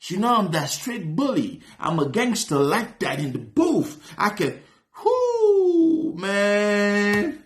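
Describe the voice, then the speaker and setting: A reaction host, a man with a high voice that swings widely in pitch, talking in loose slang and breaking into excited shouts. He comments casually on the track he is playing. The recording has a roomy echo. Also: slow pace, few pauses.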